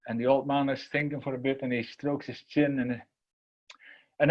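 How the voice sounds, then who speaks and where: A motivational speaker gives an inspirational talk, earnestly and emphatically repeating phrases before telling a parable. His medium-pitched voice is steady and fairly quick, and the recording's highs are cut off.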